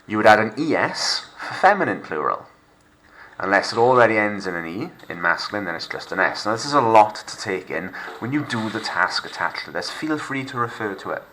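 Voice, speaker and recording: A man with a Welsh accent teaching a recorded lockdown French lesson over slides. He is upbeat and playful, and slows right down to model French words for students to repeat. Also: fairly low pitch, big pitch swings, pushed and bright, slight background noise, poor audio. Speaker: secondary school French teacher.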